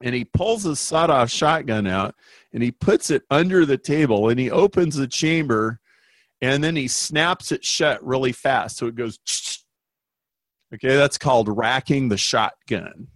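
A man, a business consultant guest, telling a story in an interview with emphatic, animated delivery. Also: medium pitch, unhurried, no room sound. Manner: animated, emphatic, acts out quoted voices.

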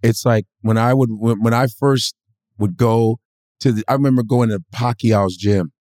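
A male comedian guest telling a story in a casual podcast chat, expressive and profane. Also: medium pitch, moderate pace, no echo, clean studio sound. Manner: expressive, profane, acts out characters.

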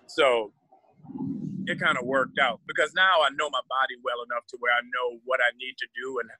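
Man in his forties, lively guest storyteller, husky, dry. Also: medium pitch, moderate pace, no room sound, rough recording. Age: 40s. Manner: lively storyteller, puts on voices for anecdotes. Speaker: actor guest. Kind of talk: casual interview chat.

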